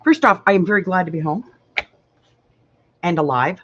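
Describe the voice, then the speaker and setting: A woman's voice: on the low side, lively intonation, normal speed, fairly bright tone, a little hiss or hum. An older woman hosting a casual crafting livestream, chatting, rambling through a story and greeting viewers by name. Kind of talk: casual chat. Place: home. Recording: slightly muffled home livestream audio.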